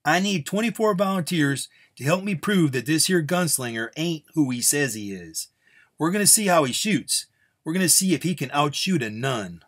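A man's voice: medium pitch, animated, normal speed, fairly bright tone, breathy edge. A man voicing a tough, brash frontier nun who barks her words with a drawl. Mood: commanding.

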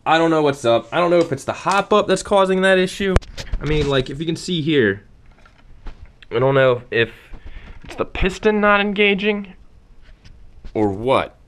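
A man's voice: a little high, expressive, moderate pace, pauses often, fairly bright tone, a little hiss or hum. A young man venting angrily and profanely about broken gear in a casual, rambling vlog. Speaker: vlogger.

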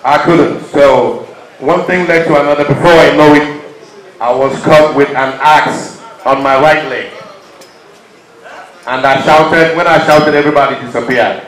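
A Nigerian man speaking from a stage with a fairly high voice. His delivery is impassioned, swinging between loud urging and hushed, emotional stretches. The sound rings around an echoey venue. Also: steady tone, unhurried, long pauses. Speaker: performer speaking to an audience.

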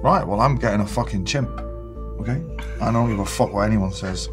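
A man's voice: fairly low pitch, brisk, over loud music. A middle-aged man from England, blunt and sweary, telling stories in interview clips and acting out the people in them. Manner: blunt, sweary, acts out other people in anecdotes. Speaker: interviewee, musician. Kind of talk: anecdotal chat across interview clips.

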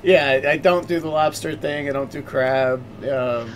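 Man, casual live-stream chat, rambling, stammering restarts, somewhat high pitch. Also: steady tone, normal speed, slight background noise.

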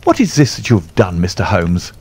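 A man's voice: low-pitched, huge pitch swings, a little fast, a little mellow, breathy edge, full character voice. A man voicing an agitated older male colonel in an audiobook, with a strained, exclamatory manner. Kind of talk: audiobook character voice.

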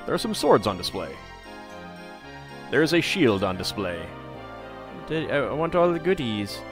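A jokey man hosting a casual game playthrough, his voice jumping around a lot as he reads out item pickups with excited bursts. Faint game music plays under him. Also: medium pitch, moderate pace. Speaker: let's play host.

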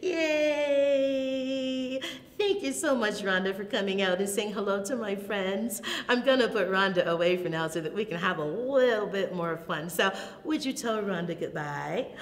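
A woman who is a children's librarian, leading a toddler storytime with rhymes and songs in a slow, animated, sing-song manner, with delighted gasps and soft whispers. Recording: long reverb, faint low rumble.

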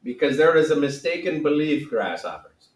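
A man's voice: on the high side, unhurried, echoey room, recorded from a distance, natural voice, low-quality recording. A male teacher playing a jokey wise sage in comic classroom role-play, with a wobbly put-on accent and theatrical delivery. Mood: mock-solemn. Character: man playing the Buddha as a mock-solemn sage.

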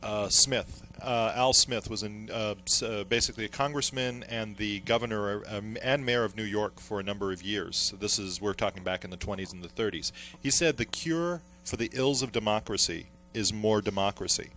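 A man's voice: lowish voice, moderate pace, pushed and bright, a little hiss or hum. A man co-hosting a casual online talk show, making wry, dry remarks. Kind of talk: casual chat.

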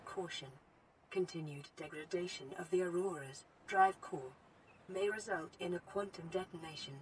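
A woman voicing a detached female onboard computer AI, giving flat, clipped warnings in a game. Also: on the low side, moderate pace, noisy background, lightly acted. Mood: calm warning. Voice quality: flat, clipped announcer delivery.

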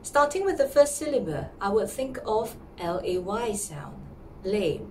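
A woman teaching pronunciation, breaking words into sounds and repeating them patiently. Her voice rises high and swings widely in pitch. She sits some distance from the mic with a faint hum behind her. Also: sing-song, a little mellow. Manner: slow, careful, repeats words. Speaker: music teacher. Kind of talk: pronunciation lesson.

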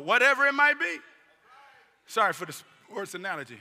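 High bright-voiced man preaching a sermon. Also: sing-song, moderate pace, gravelly. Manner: swings from quiet asides to shouted preaching; colloquial, conversational with the congregation. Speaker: bishop preaching. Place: large church sanctuary. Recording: long church-hall reverb.

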